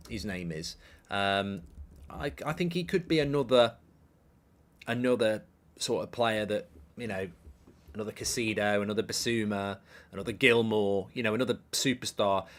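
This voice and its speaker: A man's voice: mid-range voice, fairly bright tone. A middle-aged man, hosting a live football watchalong, rambling, swearing and reading out viewer messages. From England. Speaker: host.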